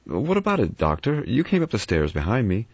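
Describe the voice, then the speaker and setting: A man voicing a blunt, hot-tempered middle-aged man in an audiobook, gruff and confrontational. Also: mid-range voice, huge pitch swings, a little fast, no room sound, lo-fi sound, voice pushed up, exaggerated voice. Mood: angry.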